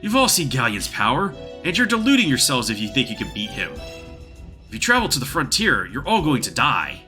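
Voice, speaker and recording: A sullen young mage turned traitor, bitter and grim, as a man reads him out. The voice is bright with wide swings in pitch. Faint music under it. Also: huge pitch swings, brisk. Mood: menacing. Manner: brooding, bitter. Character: young male mage, gloomy and treacherous.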